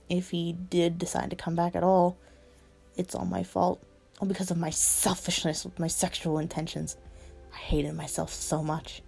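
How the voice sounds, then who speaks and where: A woman reading her own fan fiction aloud in the first person, in a slow, subdued manner. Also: low-pitched, gravelly, a little mellow.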